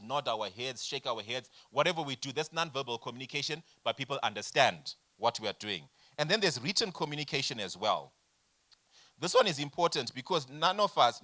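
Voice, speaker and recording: A man in his forties leading a business workshop, lecturing in an animated way and asking the room rhetorical questions. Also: medium pitch. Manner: animated, addresses audience directly with rhetorical questions. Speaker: workshop facilitator.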